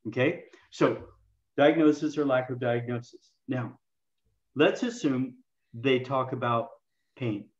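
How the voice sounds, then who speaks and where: A man speaking as a guest in an interview, explaining communication to health practitioners in an animated way and acting out quoted lines. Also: medium pitch, slow pace, roomy sound, muffled recording. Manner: animated, acts out patients and himself in quoted lines. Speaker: health coaching expert guest.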